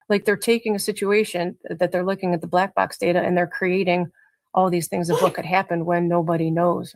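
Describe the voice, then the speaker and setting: A woman with a gravelly, creaky edge to her voice, heard as a guest on a live-stream interview. She talks haltingly, restarting and trailing off often. The sound is dry and close. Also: on the low side, no echo. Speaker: guest, mother in a crash case.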